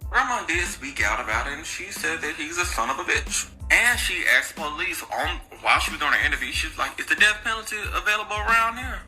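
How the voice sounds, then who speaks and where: A man walks his viewers through a true crime case in loose, slangy talk, dropping sarcastic asides along the way. His voice is fairly high and very bright, and faint music plays behind him. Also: expressive, brisk, hardly any pauses, poor audio. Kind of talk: casual true crime storytelling.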